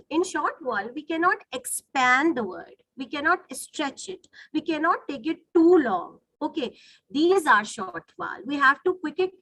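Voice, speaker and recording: An English phonetics teacher gives an online lecture in a high-pitched, sharp voice, recorded at low quality with no echo. She explains the material and checks in often with listeners through frequent "right?" and "you know."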